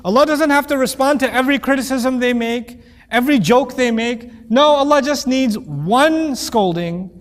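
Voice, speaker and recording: A man teaching a lecture on Quranic Arabic, animated and playful, acting out quoted voices as he explains. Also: very high-pitched, normal speed, big-room sound.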